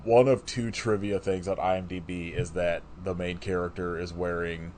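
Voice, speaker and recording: A man with a very low, deep voice talks through a film in loose, casual podcast chat. He rambles, with "like" every few words, and keeps restarting his sentences. A faint hiss sits under the recording. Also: steady tone, moderate pace, darkish tone. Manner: rambling, full of "like" fillers and restarts. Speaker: podcast co-host. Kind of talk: casual chat reviewing a movie.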